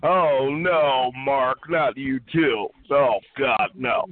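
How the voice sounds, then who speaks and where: A man's voice: medium pitch, very slow. Taunting man on a tinny phone line. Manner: taunting, hurling insults. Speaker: chat line caller. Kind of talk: heated phone argument.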